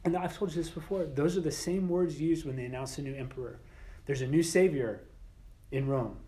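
A man teaching a Bible class in a relaxed, conversational way, getting animated and sometimes dropping to a whisper for emphasis. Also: on the high side, a little fast.

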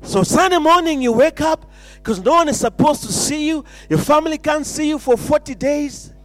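A man's voice: very high-pitched, normal speed, no echo, soft background music. A man preaching an impassioned sermon, repeating phrases and stumbling into restarts.

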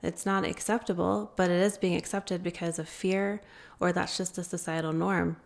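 A woman guest telling a long story in an interview, earnest and pausing often with fillers. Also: on the low side, little pitch movement, vocal fry. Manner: earnest, many filler pauses. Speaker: guest, founder of an anti-trafficking group.

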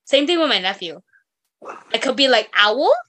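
Young female podcast co-host, bright tone, chatty and rambling, casual. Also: on the high side, animated, moderate pace. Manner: chatty, rambling storyteller with many fillers. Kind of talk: casual chat.

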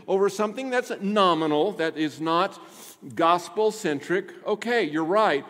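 A man preaching a sermon as pastor, swinging between loud emphasis and hushed asides. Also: sits high, measured pace, big-room sound.

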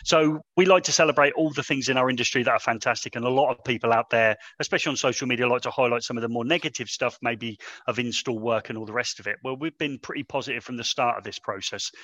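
A man's voice: medium pitch, pushed and bright. A man guesting on a chat show, talking in a polished, promotional way about his company. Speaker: guest, industry company representative. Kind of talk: casual chat.

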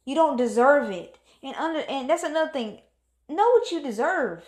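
A woman's voice: high-pitched, lively intonation, normal speed, a little mellow. Woman, motivational vlog talk, encouraging, repeats herself, acts out moods, reverberant room. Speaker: motivational speaker.

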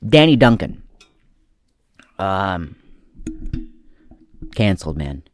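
A young man hosting a crude comedy commentary, swinging from loud shouting bits to a mocking, profane rant. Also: deep voice, big pitch swings, extremely slow, slight background noise.

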